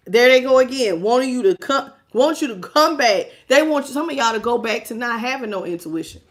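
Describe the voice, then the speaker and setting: A woman's voice: high voice, animated, a little fast, few pauses, fairly bright tone. A woman doing a tarot reading to camera, sassy and emphatic, often laughing as she talks. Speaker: tarot reader.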